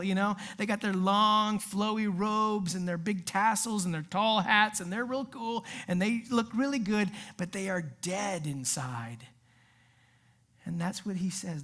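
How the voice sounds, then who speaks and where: Brief: woman pastor, conversational sermon delivery with lively asides, at a middle pitch. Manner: casual, animated preaching with asides. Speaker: youth pastor.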